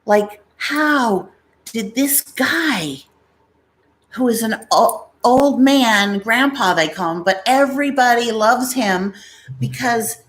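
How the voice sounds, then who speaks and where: A woman's voice: on the high side, expressive, slow. A middle-aged woman from New York, hosting a casual live stream with blunt opinions, many fillers and rambling tangents, into an ASMR microphone. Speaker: YouTube live-stream host.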